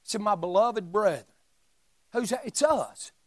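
A man preaching a sermon in a church, shouting emphatic lines and dropping into joking asides. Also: high voice, animated, moderate pace, no room sound. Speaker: pastor. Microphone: live stream mic.

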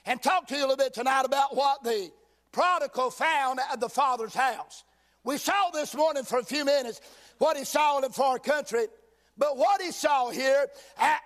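A man pastor preaching a sermon, reading King James scripture slowly and breaking in with folksy asides, at times shouting for emphasis. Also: extremely high pitch. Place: church sanctuary.

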